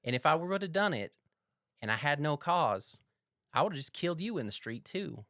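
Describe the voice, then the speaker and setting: A man's voice: on the high side, very animated, normal speed, a bit bright, dry recording, clean studio sound, pitched above the performer's own voice. A man playing a defiant male holy warrior in a tabletop game, who talks bluntly and confrontationally.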